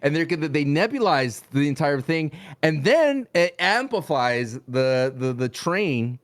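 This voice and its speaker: A man's voice: on the high side, sing-song, a little slow. A man co-hosting a casual wrestling podcast, joking and laughing often, with exaggerated comic outbursts. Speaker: podcast co-host.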